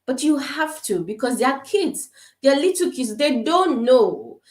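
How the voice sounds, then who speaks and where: A woman's voice: high voice, big pitch swings, unhurried, darkish tone, reverberant. A woman from Africa speaking to parents in a casual online talk, earnest and repetitive, with many fillers and restarts. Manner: earnest, repeats points, frequent fillers and restarts. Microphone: webcam on a video call.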